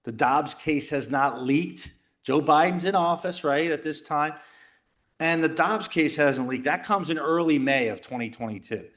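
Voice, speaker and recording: A middle-aged man speaking at a men's retreat, telling a personal story in a jokey, animated way and acting out the voices of others. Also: a little high, measured pace. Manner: animated, jokey, acts out quoted voices and shouts. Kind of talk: lively storytelling talk. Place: retreat house talk before a live audience.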